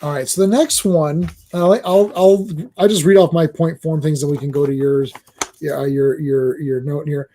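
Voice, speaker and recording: Brief: male host, a little high-pitched, mellow tone, casual rambling review, lots of ums and restarts. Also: fairly even intonation, slight background noise. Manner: halting, many restarts and filler ums. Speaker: podcast host. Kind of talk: casual chat reviewing a cartoon.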